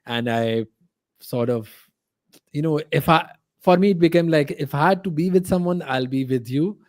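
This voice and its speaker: A man from India, a podcast guest telling a personal story in a halting way, full of fillers and restarts. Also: fairly high pitch, darkish tone, dry recording.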